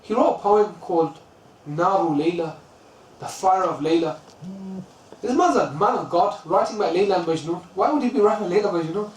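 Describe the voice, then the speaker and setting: A man from the UK teaching a lesson on classical poetry, telling stories and chanting lines of verse quickly. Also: high voice, animated. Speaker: religious teacher. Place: lesson room. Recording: roomy, distant mic, faint ambience.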